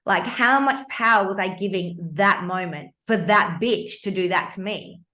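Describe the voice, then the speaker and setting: An Australian woman in her fifties tells a personal story on a podcast, her pitch swinging up and down as she leans into each point. She sounds blunt and emphatic, with a middle-range voice. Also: moderate pace. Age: 50s. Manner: animated, emphatic, blunt, occasionally swears. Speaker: podcast host.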